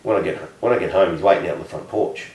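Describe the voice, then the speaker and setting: An Australian comedian chatting casually, telling a rambling anecdote with laughs along the way. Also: male voice, deep voice, very fast, darkish tone, echoey room, recorded from a distance, poor audio. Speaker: comedian guest. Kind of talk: casual chat, storytelling.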